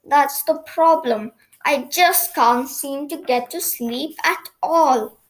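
A sleepy, cross male brownie who talks in a weary, drawn-out way, as a woman reads him in a bedtime story. His voice sits high and light. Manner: tired, cross, yawning. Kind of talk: children's storybook reading.

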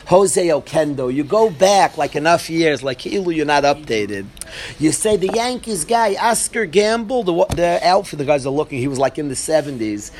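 Man, rabbi, informal class, lively storytelling, higher voice, faint clicks behind. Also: slight background noise. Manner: animated storytelling, asks the audience.

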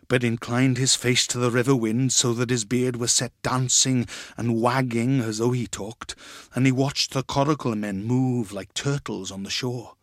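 A man gives an expressive dramatic reading of a story, acting out the voices. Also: medium pitch, dry recording, clean studio sound. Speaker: reader.

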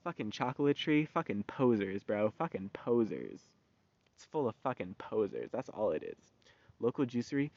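A man's voice: fairly low pitch, sing-song, moderate pace, vocal fry, darkish tone, no room sound. Profane, heated man ranting on a lo-fi recording. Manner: profane, heated, loose and slangy. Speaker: vlogger. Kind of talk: casual ranting monologue. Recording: dull lo-fi recording.

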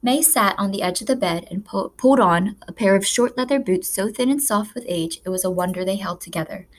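Woman, audiobook narrator, mid-pitched, measured expressive storytelling, scripted narration.

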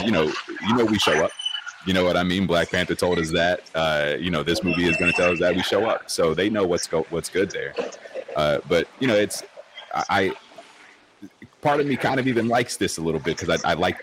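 A man with a very low voice talks through a casual podcast discussion. He restarts his sentences and leans on "you know". A steady noise sits under the recording. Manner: relaxed, many fillers and restarts. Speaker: co-host.

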